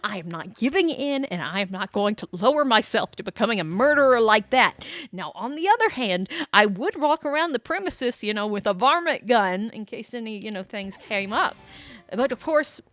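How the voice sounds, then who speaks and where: A woman streams a video game and tells rambling, animated stories to her viewers, breaking off to swear at the game. Her voice is bright and a little sharp, pitched somewhat high. The sound is dry and close, with no room around it. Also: normal speed, no echo. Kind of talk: casual gameplay chat.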